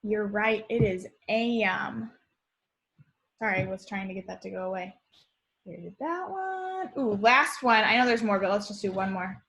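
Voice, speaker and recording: A young woman teaching young children in a remote lesson, speaking in a slow, sing-song teacher voice. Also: medium pitch, creaky, a bit bright. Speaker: kindergarten teacher.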